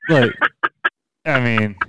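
A man's voice: mid-range voice, drawn-out words, sharp tone, slight background noise. A man hosting a podcast, chatting casually and teasing his guest. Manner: joking, teasing. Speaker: podcast host. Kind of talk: casual chat.

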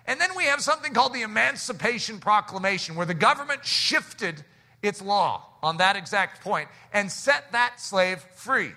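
Male pastor, sermon, high voice, very bright and forceful, animated preaching. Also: normal speed. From United States. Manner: animated preaching, drops low and quiet for acted quotes.

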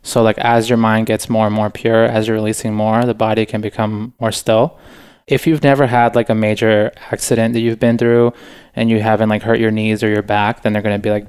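A young man speaks as a podcast guest in an earnest, unhurried way, dropping "like" and "you know" often. His voice sits a little low and smooth, and it moves within a narrow pitch range. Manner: relaxed, earnest, many "like" and "you know" fillers. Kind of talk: casual interview chat.

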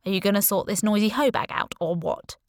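A woman's voice: mid-range voice, brisk, no echo, lightly acted. A woman voicing a rude, sardonic black house cat. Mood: insolent. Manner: cheeky, insolent.

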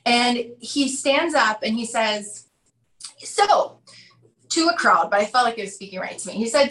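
A woman in her thirties, a podcast guest talking through ideas and acting out quotes in animated storytelling. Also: on the high side, normal speed, echoey room, low-quality recording. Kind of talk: conversational interview.

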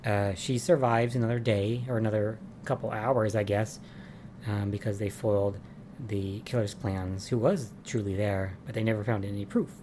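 A man's voice: fairly low pitch, fairly even intonation, normal speed, a little mellow, a little hiss or hum. A man giving a casual, chatty recap of soap opera episodes, with lots of "um" and "like" and amused asides.

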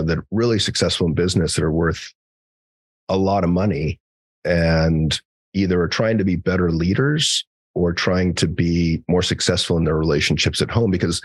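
A man with a very deep, slightly raspy voice talks through anecdotes as a podcast guest, slipping into quoted voices and casual swearing. He speaks in a loose, chatty way full of fillers and restarts. The sound is dry, with no room echo. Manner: animated storyteller acting out quoted dialogue. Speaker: psychologist guest. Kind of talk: conversational podcast storytelling.

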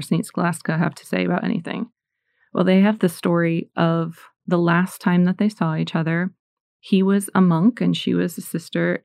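Gravelly-voiced middle-aged woman giving a faith talk. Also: fairly low pitch, darkish tone, dry recording, clean studio sound. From United States. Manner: earnest, chatty, lots of fillers. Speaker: Christian speaker.

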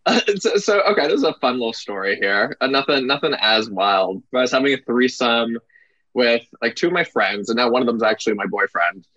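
A man's voice: medium pitch, expressive, fairly quick, bright, forceful tone, dry recording, highs cut off. A man candidly telling crude stories in a casual chat, laughing often, speaking over a video call. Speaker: podcast guest.

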